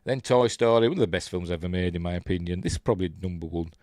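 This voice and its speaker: This older Yorkshireman is a fast talker whose voice sits low and sounds a little mellow, with no echo. He hosts a rambling, chuckling live-stream chat in a Yorkshire accent, reading comments from viewers.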